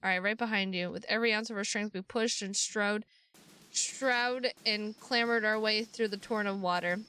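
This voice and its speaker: A woman's voice: medium pitch, fairly even intonation, moderate pace, sharp tone, smooth. A woman streamer reading a visual novel aloud, breaking off into casual, sweary asides.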